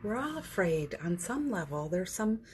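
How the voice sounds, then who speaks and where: A middle-aged woman, an energy healer, giving a gentle and affectionate spiritual pep talk on a morning livestream, greeting viewers by name and laughing often. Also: lowish voice, very animated, moderate pace, slight background noise. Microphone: phone or computer mic for a livestream.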